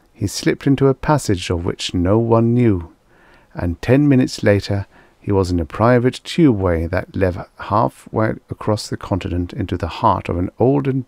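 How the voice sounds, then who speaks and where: A man reading vintage science fiction aloud in a measured, deliberate way, as an audiobook narrator. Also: lowish voice, gravelly, darkish tone, no echo, studio quality.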